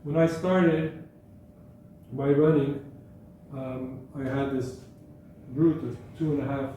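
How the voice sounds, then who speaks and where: A man's voice: medium pitch, steady tone, slow pace, dark tone. A man giving an informal talk to an audience, chatty and anecdotal, often correcting himself mid-sentence. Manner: conversational, self-correcting, anecdotal. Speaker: guest speaker. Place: hall at a school gathering. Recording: echoey room, speaker far from mic, faint background noise.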